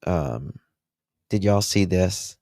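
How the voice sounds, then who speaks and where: A man's voice: low-pitched, animated, slow pace, a little mellow, no echo, clean studio sound. A man hosting a true crime livestream, chatting with viewers in a casual, emphatic way. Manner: emphatic, chatty, talks to the chat.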